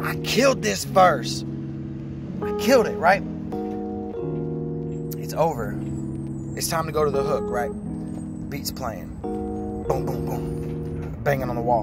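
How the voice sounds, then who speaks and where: A man, a rapper, telling a studio story in a lively way, acting out sounds and quotes. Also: fairly high pitch. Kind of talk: animated storytelling. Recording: music loud behind.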